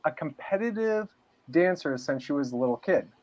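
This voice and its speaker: A man's voice: a little high, lively intonation, moderate pace, darkish tone. A man from New England chatting casually as a podcast guest, laid-back and saying "man" and "dude" a lot. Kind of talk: casual interview chat. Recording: dull lo-fi sound.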